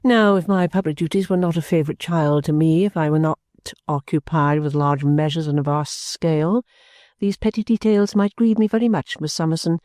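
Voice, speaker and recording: A self-absorbed, middle-aged mother, played by a woman, who brushes off her child in a calm, clear, lowered voice. Her manner is smooth and condescending, and the tone is mellow. The sound is dry and close. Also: no room sound. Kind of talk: audiobook character voice.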